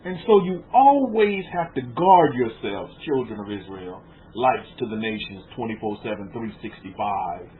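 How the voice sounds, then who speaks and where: A man's voice: lowish voice, lively intonation, normal speed. A man giving a rabbi's informal sermon to a small group in a room, asking his listeners rhetorical questions and repeating words as he goes. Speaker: rabbi teaching a congregation. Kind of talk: conversational sermon lecture. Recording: tinny phone-like lo-fi with faint noise.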